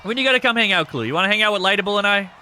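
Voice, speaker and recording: A man hosting a live stream, giving casual commentary on a wrestling game with excitable, crude joking. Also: sits high, very fast, a little hiss or hum. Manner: excitable, crude and joking, yelps at big moves.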